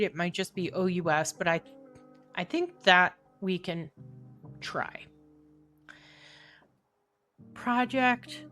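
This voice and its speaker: A woman's voice: mid-range voice, fairly bright tone. A middle-aged woman thinking aloud as she works through a crossword puzzle, musing and questioning herself and often laughing. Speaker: crossword solver.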